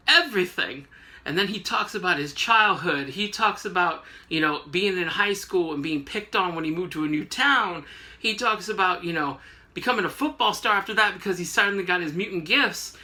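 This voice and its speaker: A man's voice: high-pitched, sharp tone. A man hosting a casual comic book recap, rambling and joking with lots of fillers. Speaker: host.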